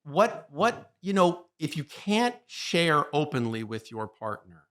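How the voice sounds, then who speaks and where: A man's voice: on the high side, very animated, a bit bright. Earnest reflective man in conversation. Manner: earnest, searching, slows to stress points.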